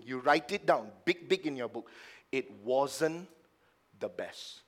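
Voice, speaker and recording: A man preaching a sermon as pastor at a church service, swinging from hushed low asides to loud, emphatic passages and mocking the excuses of doubters. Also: lively intonation, takes it slowly. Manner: acts out the lines of doubters in a mocking tone.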